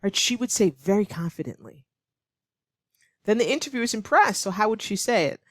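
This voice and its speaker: A woman teaching English online, explaining clearly and patiently, now and then acting out example lines to show tone. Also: mid-range voice, animated, a little fast, dry recording, clean studio sound. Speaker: ESL teacher.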